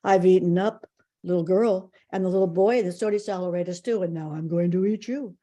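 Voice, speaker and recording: A great big hungry bear from a told folk tale, as a woman storyteller puts him on, growling out slow, looming threats. The voice sits a little lower and more distant than her usual one, drawn out and menacing. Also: warm tone, lightly acted.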